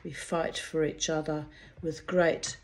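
A middle-aged woman with a low, flat voice speaks slowly as she gives a casual personal oracle reading. She's a card reader who rambles warmly from the heart, repeating words and calling her listeners darlings and babies.

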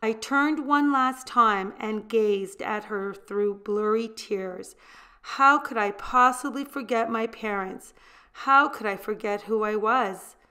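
Woman storybook reader, unhurried and gentle, fairly high voice. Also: clear, resonant tone. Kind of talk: reading a picture book aloud.

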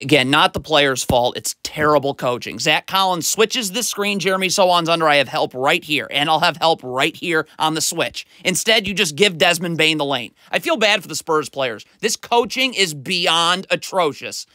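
A man with a high, bright voice talks through game footage like a coach. He is exasperated and critical. The sound is dry and close with no room echo. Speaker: basketball film analyst. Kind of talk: film breakdown commentary.

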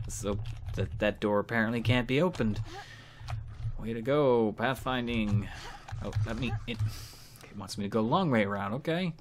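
A man's voice: fairly low pitch, moderate pace, long pauses, slight background noise. A man casually commenting on gameplay with irreverent jokes and swearing, as the host of a let's play series. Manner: joking, irreverent, often swears.

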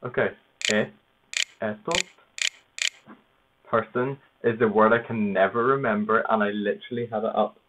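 Low-voiced man on a noisy tinny line. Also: fairly even intonation. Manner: self-deprecating, laughing, halting over foreign words. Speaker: language learner. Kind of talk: casual self-narrated study session. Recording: tinny phone-like noisy recording.

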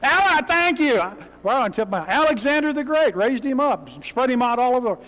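A man's voice: very high-pitched, animated, brisk. A man preaching a sermon in a church, telling the story dramatically and crying out the lines of the people in it. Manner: dramatic storytelling preacher who acts out cries. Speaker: pastor. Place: church sanctuary. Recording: long hall reverb.

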